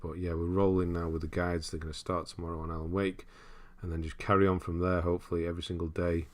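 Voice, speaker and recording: A young man with a low voice hosts a casual gaming livestream, going through viewer comments in a relaxed, rambling way. He talks fast and laughs often as he chats.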